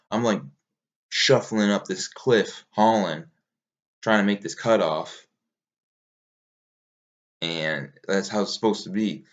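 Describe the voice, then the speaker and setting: A man's voice: on the low side, fairly even intonation, unhurried, long pauses, dull audio. A man casually recapping a long mountain race, rambling, swearing easily and laughing at himself. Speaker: ultramarathon runner recounting a race.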